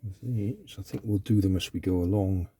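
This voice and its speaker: A man vlogging from his parked car, talking to himself in an unhurried way as he puts together a toy flower kit. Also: sits low, dark tone, breathy edge. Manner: slow, unhurried, talking to himself while building. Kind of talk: casual build commentary. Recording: car interior.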